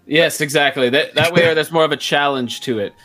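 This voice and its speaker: A man's voice: on the high side, fairly quick, a bit bright, slight background noise. A man in casual chat about tabletop games, enthusiastic and talking in long run-on thoughts. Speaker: tabletop game player.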